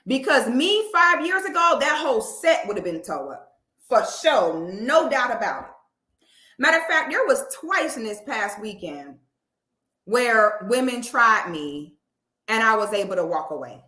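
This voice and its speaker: A woman with a sharp, bright voice sits before the camera and vents, emphatic and loaded with profanity. Her speech keeps climbing in intensity. The sound carries a noticeable room echo. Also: a little high, sing-song, a little slow. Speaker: online commentator. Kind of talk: heated talk to camera.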